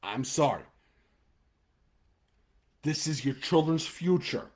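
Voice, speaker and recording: A man's voice: medium pitch, normal speed, breathy edge. A man with a Chicago-area American accent hosting a live football webcast, blunt and fired-up, swearing and then apologizing. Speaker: high school football show host. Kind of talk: live webcast rant and game preview.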